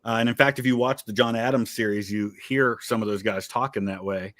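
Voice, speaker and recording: A man's voice: lowish voice, steady tone, fairly quick, a bit bright. A man from Ohio, a guest on a casual livestream, explaining things thoughtfully.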